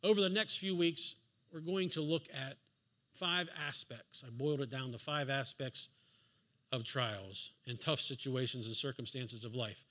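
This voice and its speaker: Forceful, bright-voiced male preacher. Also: mid-range voice, unhurried. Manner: emphatic, rhetorical questions; dry sarcastic asides. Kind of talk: sermon. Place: church sanctuary.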